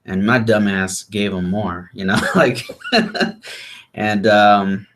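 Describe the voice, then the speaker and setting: Low-voiced man telling an animated story. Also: takes it slowly, background noise. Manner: animated, acts out quotes of others. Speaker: vlog host. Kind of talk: casual storytelling chat.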